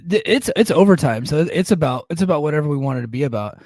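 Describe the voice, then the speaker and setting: A man's voice: a little high, lively intonation, quick pace, a little mellow, dry recording. A man co-hosting a podcast, chatting in an easygoing way with many fillers. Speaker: podcast co-host. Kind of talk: casual chat.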